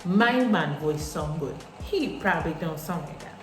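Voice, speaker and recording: A young woman vlogger chatting casually while washing her hair, animated, laughing often and swearing freely. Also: low-pitched, unhurried. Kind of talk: casual chat. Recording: echoey room with faint music.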